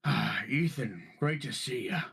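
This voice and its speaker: A man voicing a tall, gruff male ship captain who greets his crew boisterously in a tabletop game. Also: medium pitch, lively intonation, unhurried, a bit bright, heavily acted. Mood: hearty.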